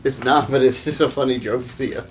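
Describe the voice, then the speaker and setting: A man chatting over a game, relaxed and teasing, easily amused by the banter. His pitch is an ordinary middle range. A faint hum of noise sits behind him. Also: fairly quick. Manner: laid-back, teasing, laughs often. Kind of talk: casual chat while gaming.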